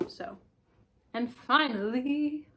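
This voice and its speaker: A woman's voice: high voice, very slow, pushed and bright, slight background noise. A woman in her twenties chatting casually about books she bought, rambling with lots of "like" and "um". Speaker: book vlogger. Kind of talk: casual book haul chat.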